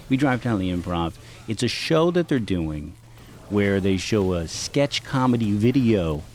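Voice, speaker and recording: A man's voice: lowish voice, a little hiss or hum. A man telling stories as a comedian guest on a podcast, in a casual, profane style. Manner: profane, animated storyteller.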